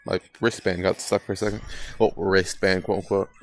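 A man's voice: low voice, flat delivery, fairly quick, a little hiss or hum. A young man giving casual, rambling gameplay commentary, swearing casually and poking fun at himself. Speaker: gaming video creator.

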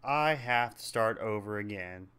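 A man hosting a gaming channel, giving let's play commentary full of frustrated swearing and yelling at the game. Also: on the low side, animated, unhurried, smooth.

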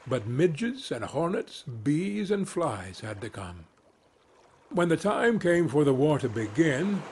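A man's voice: medium pitch, darkish tone, a little hiss or hum. A man narrating fairy tales as a soothing bedtime reading. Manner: slow, soothing storytelling. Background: faint ambient sounds.

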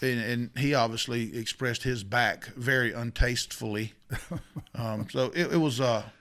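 A man's voice: medium pitch, a little slow. A middle-aged man, a youth football coach, telling a story in casual chat, with lots of repeated starts. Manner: animated, self-interrupting with repeats.

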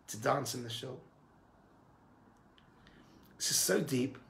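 Animated rabbi with a bright voice. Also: male voice, mid-range voice, vocal fry, slight background noise. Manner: animated storytelling, shifting between hushed and emphatic. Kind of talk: sermon.

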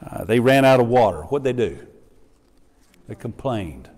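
A man's voice: mid-range voice, animated, a little slow, darkish tone. A middle-aged man preaches in a church, his voice rising and falling with a lot of animation. He drops into quoted voices to act out the people in his story. The sound rings out with a long hall reverb. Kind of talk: sermon. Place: church sanctuary.

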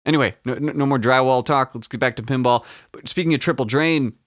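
A man's voice: mid-range voice, fast, fairly bright tone, no echo, clean studio sound. A man hosting a solo podcast, rambling in crude, joking, self-deprecating asides. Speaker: podcast host.

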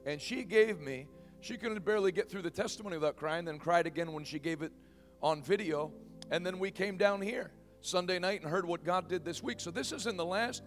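A man in his forties preaching a sermon as pastor, emphatic and bursting loud in praise. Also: high-pitched, brisk, soft background music. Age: 40s.

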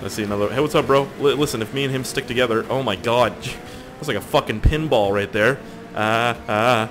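A man's voice: medium pitch, fairly quick, noisy background. A young man giving casual, rambling gameplay commentary, swearing and joking with viewers. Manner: rambling, profane, jokey, talks to viewers. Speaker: gaming YouTuber.

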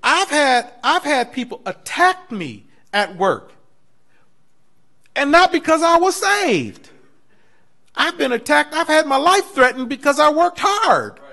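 A man, a pastor, teaching a Bible class in a lively preaching style, telling stories and acting out quoted voices. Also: very high-pitched, slow pace, creaky. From United States. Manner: animated preaching with storytelling, laughing asides; acts out quoted voices in dialogue.

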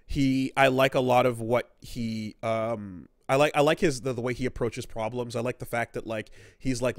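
A man's voice: mid-range voice, fairly even intonation, moderate pace, few pauses, no echo, studio quality. A man co-hosting a casual gaming podcast, rambling and swearing as he acts out quoted characters. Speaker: podcast co-host.

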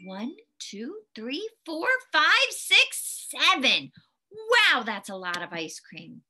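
A woman reading a picture book aloud to children, very expressive, with gasps and hushed whispery asides. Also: on the high side, slow pace, slight background noise. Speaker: storyteller.

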